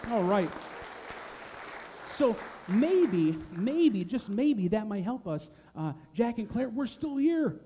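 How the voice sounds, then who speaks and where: A man leading a children's church lesson, animated and coaxing, slowing to a chant when he teaches the verse. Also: high-pitched, a faint crowd, slight background noise. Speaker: children's message leader. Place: church sanctuary. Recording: long church hall reverb.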